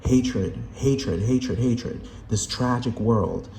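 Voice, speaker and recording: A man rants with heavy profanity, circling back and repeating himself for emphasis. His voice sits on the lower side, and the recording has a roomy echo with a faint steady hum underneath. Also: normal speed. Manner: emphatic, rambling, repetitive. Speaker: vlogger. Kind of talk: profane rant.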